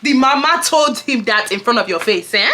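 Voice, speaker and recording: A woman's voice: a little high, animated, normal speed, bright, forceful tone. A woman putting on a stern scolding mother. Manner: scolding with a put-on accent.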